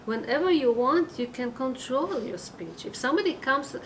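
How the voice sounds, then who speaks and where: Woman teacher, slightly high voice, halting earnest advice full of fillers, faint background hiss. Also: animated, rough recording. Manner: halting, with many fillers and restarts; earnest, advising listeners. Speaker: religious teacher giving a weekly class. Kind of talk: informal Torah class.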